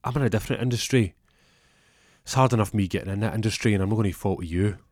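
A man's voice: on the low side, fast talker, a little mellow, dry recording, studio quality, natural voice. Guy doing a full-of-himself young detective, goes off on tangents. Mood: pompous. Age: 20s. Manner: pompous, rambles off topic. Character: self-important young male detective, rambling.

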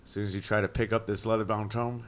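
A man's voice: on the low side, level tone, fast talker, a little hiss or hum. A man narrating as game master, casual and descriptive, with frequent fillers.

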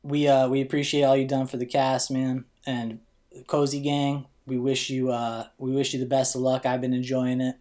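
Podcast host, casual bro talk with easy swearing, mid pitch. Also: male voice, little pitch movement, normal speed, a little mellow. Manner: loose, bro-ish, swears freely. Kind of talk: casual chat.

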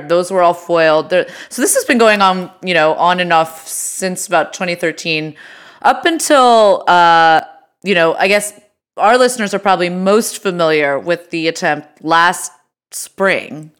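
Smooth, low-voiced female podcast co-host. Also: expressive, measured pace, a bit bright. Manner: laughing, conversational, lots of "you know" and "like". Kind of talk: casual political podcast chat.

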